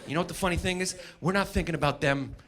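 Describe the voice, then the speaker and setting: A man's voice: fairly high pitch, fast talker, fairly bright tone. A man doing a brash, profane stand-up set on a club stage with a handheld mic. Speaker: stand-up comedian. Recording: live audience laughter and hiss.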